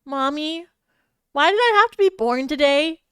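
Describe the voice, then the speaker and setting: A woman's voice: high voice, animated, normal speed, dry recording, clean studio sound, pitched above the performer's own voice. A woman voicing a small, tearful boy in a fanfiction reading, asking plaintive questions.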